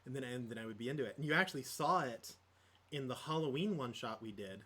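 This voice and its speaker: A man's voice: mid-range voice, animated, fast, fairly bright tone, breathy edge. A man co-hosting a casual podcast chat about tabletop games, rambling with lots of fillers and restarts. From Midwest United States. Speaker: podcast co-host.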